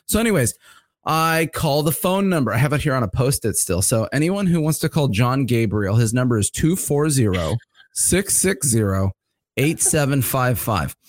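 Lively, chatty man telling a story. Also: medium pitch, normal speed, dry recording. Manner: animated, chatty, full of fillers. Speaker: podcast co-host. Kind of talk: casual storytelling chat.

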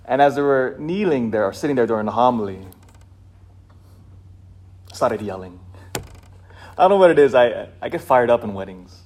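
A male priest giving a passionate homily, swinging between loud, fired-up shouting and hushed, quiet stretches. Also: medium pitch, expressive, moderate pace, pauses often. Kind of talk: sermon.

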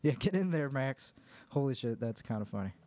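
A man's voice: medium pitch, lively intonation, fairly quick, warm tone, dry recording. A young man, a guest comedian on a podcast, joking in a wry, self-deprecating way. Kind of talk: casual comedy podcast chat.

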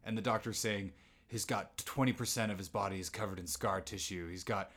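A man co-hosting a podcast, casually walking through a TV episode's plot in a relaxed storytelling way. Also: on the low side, brisk. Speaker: podcast co-host. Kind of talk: casual TV episode recap chat.

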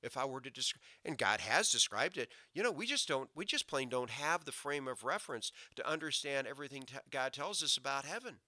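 A man preaching a sermon, swinging from loud emphatic lines to low quiet asides. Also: lively intonation, fairly quick, hardly any pauses, no echo. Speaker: pastor.

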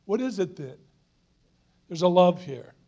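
A middle-aged man preaches with a fairly high voice. He is earnest and emphatic, and he drives points home by repeating phrases. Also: sing-song, a little slow, vocal fry, warm tone. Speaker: guest preacher. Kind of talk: sermon.

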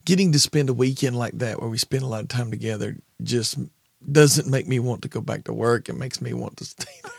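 A man's voice: medium pitch, a little fast, creaky, few pauses, darkish tone, husky, no room sound. A man co-hosting a podcast in casual chat, easygoing and self-deprecating. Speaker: podcast co-host.

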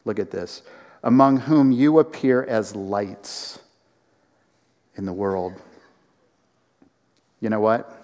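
A man preaching a sermon to a congregation, animated, with acted-out quotes and rising emphasis. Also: on the low side, slow pace, pauses often, big-room sound. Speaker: pastor.

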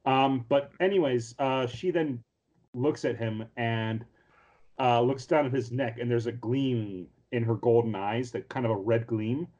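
A man in casual podcast chat, recapping anime scenes in a rambling, filler-heavy way. He slips into little acted-out lines as he tells the story, at an everyday middle pitch. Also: steady tone, measured pace, a little mellow, dull audio. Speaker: podcast co-host.

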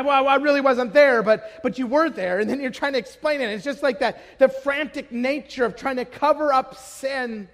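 A man with a very high voice preaching in a hall that rings with long reverb. He is from Idaho, tells stories and fires rhetorical questions at the audience, then rises to emphatic declarations. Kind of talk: sermon.

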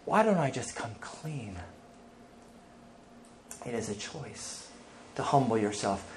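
A man's voice: mid-range voice, very animated, slow, a little hiss or hum. A male pastor preaching an emphatic sermon, reading scripture aloud and speaking directly to the congregation.

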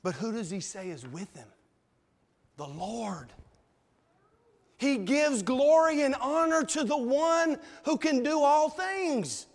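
Slow, high-voiced preacher in a hall. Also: male voice, animated. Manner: folksy, conversational preaching with dramatic pauses. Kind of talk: sermon. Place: church sanctuary. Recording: long reverb in a hall.

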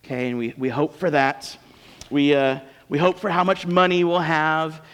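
On the high side and fairly bright, his clean voice keeps a level tone at a moderate pace. This American pastor's sermon is conversational and humorous, recorded in a church auditorium with long hall reverb.

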